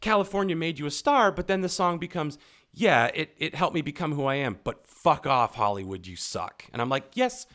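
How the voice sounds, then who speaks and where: A man's voice: a little high, a bit bright. A man co-hosting a casual album review podcast, ranting with profanity and sarcasm, with theatrical emphasis. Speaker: podcast co-host.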